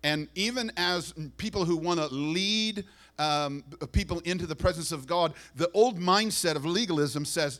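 Animated man preaching a sermon. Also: on the high side, normal speed. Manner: animated preaching, acting out voices, dropping to soft asides. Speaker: pastor.

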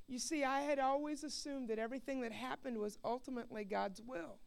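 A woman from Missouri giving an emotional personal testimony, earnest and building to loud, impassioned preaching, often repeating words. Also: sits high, fairly quick, vocal fry, hardly any pauses, clear, resonant tone.

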